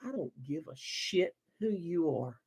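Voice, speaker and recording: A woman voicing a callous male police officer, speaking low, flat and contemptuous. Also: unhurried, husky, heavily acted.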